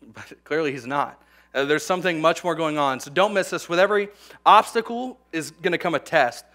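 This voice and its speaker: A man's voice: fairly high pitch, fairly quick, sharp tone. A young man preaching a sermon to graduating students, conversational, with repeated words and humorous asides.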